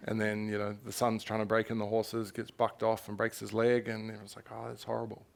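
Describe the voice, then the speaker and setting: His creaky, low-side voice is completely flat and a little fast. This young author from New Zealand is in a candid live conversation on a festival stage, sharing his story frankly and animatedly, with laughter and an occasional swear word.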